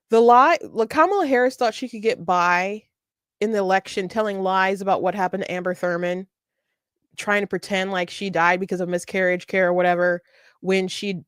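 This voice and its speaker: A woman's voice: mid-range voice, no echo, studio quality. A woman hosting a political commentary show, talking casually and emphatically, repeating phrases and laughing often.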